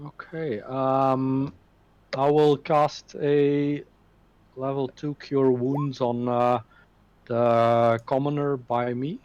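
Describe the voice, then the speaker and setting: A man playing a tabletop game, very slow and hesitant as he decides his moves. His voice is close and dry. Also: medium pitch, level tone, darkish tone, clean tone, dry recording, highs cut off. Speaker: player. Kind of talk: casual tabletop play.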